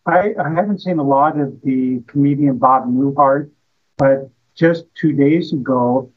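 Husky-voiced man, muffled audio. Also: medium pitch, a little slow. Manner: storytelling, rhetorical questions. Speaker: guest, health practitioner. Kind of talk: casual conversation.

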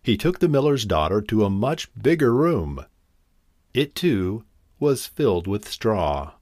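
A man narrating a fairy tale in an expressive, animated reading. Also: lowish voice, measured pace, dry recording, studio quality. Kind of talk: storybook narration.

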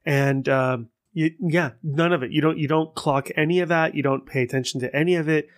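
A man's voice: fairly high pitch, brisk. Rambling, swearing male podcaster. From Persian heritage. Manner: rambling, profane, animated storytelling. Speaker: podcast host. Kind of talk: casual solo podcast monologue.

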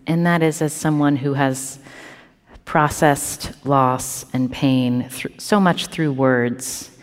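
A woman podcast host asking measured, deliberate questions and reading a scripted outro. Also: extremely low pitch, fairly even intonation, no room sound.

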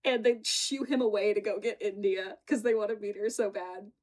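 A podcast co-host with a medium-pitched, darkish voice recaps a reality show in a casual chat, her intonation fairly even and her pace moderate. She giggles often and retells scenes using quoted voices, recorded on a home setup with a green screen.

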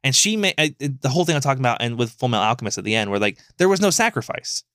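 A man on a casual podcast, chatting in a loose, rambling and animated way, tripping over fillers and dropping swear words. His voice sits at an ordinary middle pitch, and it is recorded close and dry with almost no room sound. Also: very fast, no echo. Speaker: podcast co-host.

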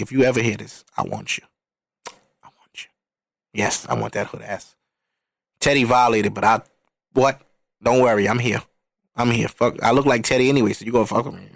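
A man on a comedy podcast, ranting crudely and rambling about reality TV, often jumping into excited outbursts. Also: medium pitch, no room sound, studio quality. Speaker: podcast co-host or guest. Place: podcast recording setup.

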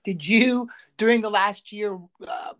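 Podcast host, lively storyteller, quick asides, middling pitch. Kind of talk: casual interview chat.

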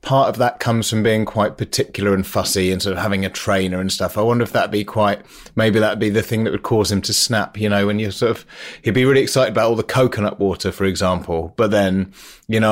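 A man hosting a podcast, musing aloud in casual interview chat with hesitant fillers. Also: fairly low pitch. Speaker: podcast host.

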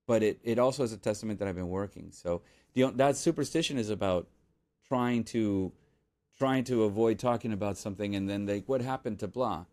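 A man who is a guest composer on a podcast, telling a story in casual chat and acting out the people he quotes. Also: a little fast. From Miami, United States. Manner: animated, acts out quotes with sudden jumps in pitch.

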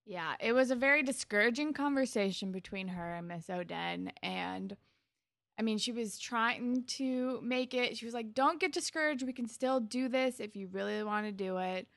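A young woman co-hosting a casual recap chat, chatty and quick to laugh. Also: medium pitch, creaky, fairly bright tone, dry recording, studio quality. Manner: chatty, laughs often, lots of fillers. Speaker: podcast co-host.

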